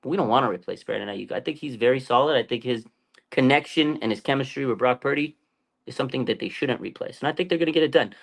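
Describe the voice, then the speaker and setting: A man hosts a casual football fan livestream, thinking out loud. His delivery rambles and doubles back, full of fillers and restarts. His voice sits at an ordinary middle pitch. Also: fast, gravelly. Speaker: fan channel host. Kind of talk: casual sports talk livestream.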